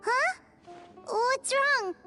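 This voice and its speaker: A woman voicing a tiny, chirpy fairy-like companion in a video game with a squeaky, childlike, inquisitive manner. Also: extremely slow, pushed and bright, faint music behind, heavily acted. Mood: curious.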